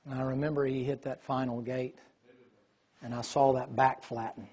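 A man telling a lively story in a sermon, acting out the voices of the people in it. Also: mid-range voice, moderate pace. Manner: animated storyteller, quotes voices.

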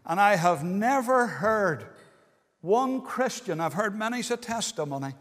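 High-voiced preacher in a hall. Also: male voice, very animated, measured pace, a bit bright. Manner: earnest, pleading, dwells on key words. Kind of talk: evangelistic sermon. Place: meeting hall. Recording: long hall reverb.

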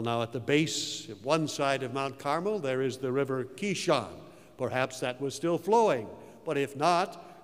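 High-voiced preacher telling a dramatic story. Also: male voice, clean tone, in a large hall. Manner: dramatic storytelling with slow, emphatic phrasing. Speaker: pastor. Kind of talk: sermon.

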